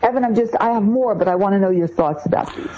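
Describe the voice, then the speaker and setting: A woman co-hosting a podcast, giving parenting advice point by point in an animated way. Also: mid-range voice, fast talker. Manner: animated, lists points one by one. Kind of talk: podcast discussion. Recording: dull lo-fi sound.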